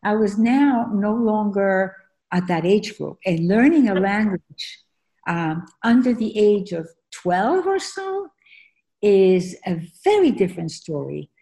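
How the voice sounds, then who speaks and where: A woman's voice: medium pitch, lively intonation, takes it slowly, dark tone. A woman whose first language is French, from Argentina, telling her story earnestly as an author being interviewed, with frequent fillers. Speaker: author and guest. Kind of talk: conversational interview.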